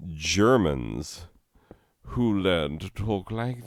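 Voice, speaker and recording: A man who is high, rambling and giggling through gameplay commentary and swearing freely. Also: slow pace, clear, resonant tone, dry recording, studio quality. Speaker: gaming video host.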